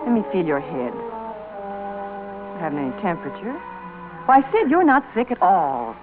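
An actress playing a kind, fussing housewife and mother, brisk when scolding and gentle when soothing, in 1940s radio acting. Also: mid-range voice, sing-song, over music. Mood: worried. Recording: tinny old radio broadcast, faint hiss.

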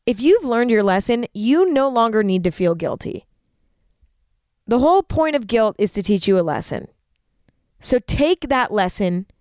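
A young woman hosts her own advice podcast in a chatty, filler-heavy way, earnest but quick to poke fun at herself. Her voice is smooth and even, and the sound is close and dry. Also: medium pitch, dry recording. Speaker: podcast host. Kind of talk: casual advice podcast monologue.

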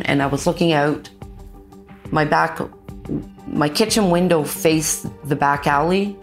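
A mother speaking in an interview, recounting a traumatic night in a halting, pained way, repeating words as she goes. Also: sits low.

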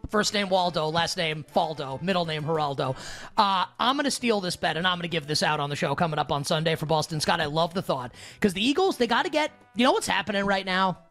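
A man's voice: high-pitched, animated, fast, few pauses, fairly bright tone, soft background music. A man co-hosting a sports betting podcast, chatting casually with frequent stammered restarts and laughs. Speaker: podcast co-host.

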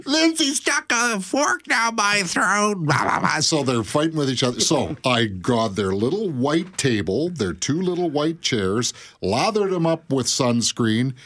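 A middle-aged man on morning radio, telling long family anecdotes in a loose, rambling way. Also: mid-range voice. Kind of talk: casual radio chat.

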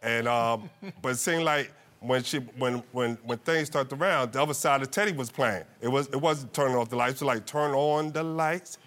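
A man testifying as a husband in a TV court case, playful and animated as he tells his story. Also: medium pitch, fairly quick. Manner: playful, animated storyteller who laughs a lot.

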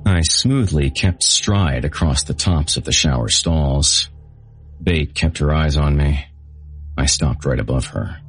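A man narrating a first-person audiobook in a flat, matter-of-fact way. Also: rumbling low, a little slow, husky, soft background music.

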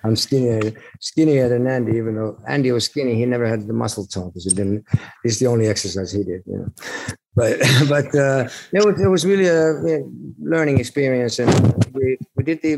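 A man, a musician guest, telling stories in an interview with a halting, rambling delivery full of restarts and laughs. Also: mid-range voice, gravelly, darkish tone, breathy edge. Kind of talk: storytelling in an interview.

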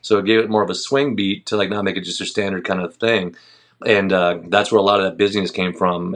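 A middle-aged man, a band's singer, chatting casually as an interview guest and telling stories with easy laughs. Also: sits low. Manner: relaxed storytelling, laughs easily. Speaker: band vocalist, guest.

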